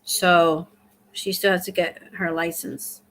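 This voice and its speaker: This middle-aged woman hosts a laid-back live stream, reading viewer comments aloud and thanking people as she chats. She has a lowish voice, keeps her tone level, and takes things slowly.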